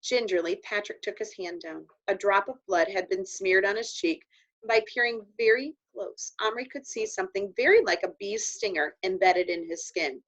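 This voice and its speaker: A woman reading a children's novel aloud in an expressive storytelling voice. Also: medium pitch, normal speed. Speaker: audiobook reader. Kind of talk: children's book read aloud. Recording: dull lo-fi recording.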